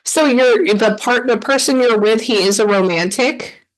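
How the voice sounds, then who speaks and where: A woman's voice: on the high side, normal speed, a little hiss or hum, rough recording. A woman working as a spirit medium, talking animatedly during a reading, often breaking off mid-sentence with sudden exclamations. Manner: animated, interrupts herself, exclaims. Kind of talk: live reading session with a client.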